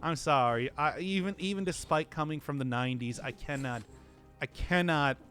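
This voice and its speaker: A man's voice: a little high, moderate pace, pushed and bright, faint music behind. A man rambling through casual gameplay commentary, laughing often and mocking himself, his voice groggy from not having talked all day. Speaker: streamer.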